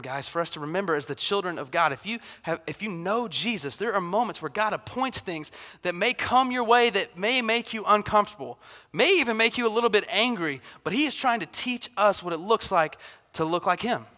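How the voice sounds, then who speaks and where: A man's voice: high-pitched, animated, a little fast, sharp tone. A man preaching a sermon in a conversational way, often acting out quotes with rising intensity. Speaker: pastor. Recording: reverberant hall.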